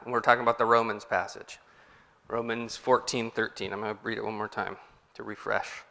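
Male preacher, chatty, asks the room questions; tense bright tone, echoing hall. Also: on the low side, little pitch movement, fairly quick, creaky. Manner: conversational, asks the congregation questions. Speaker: pastor. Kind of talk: sermon. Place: church hall.

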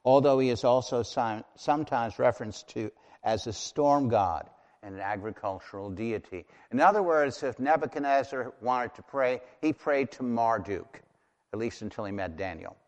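A man preaching a sermon as pastor, emphatic and building to loud declarations. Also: mid-range voice, normal speed, long reverb tail, highs cut off.

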